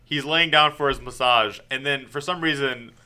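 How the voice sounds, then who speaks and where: A man's voice: mid-range voice, clean tone. A man co-hosting a podcast, casually recapping a comic book, acting out characters' lines with laughter. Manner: animated retelling with quick acted-out quotes and laughs. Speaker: podcast co-host.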